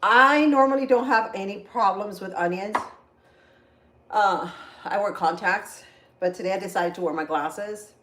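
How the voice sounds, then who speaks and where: A woman with a medium-pitched, fairly bright voice talks a little slowly while hosting a casual cooking livestream. She chats with viewers while slicing vegetables, teary from onions, often exclaiming "oh Lord," in an echoey kitchen with faint noise.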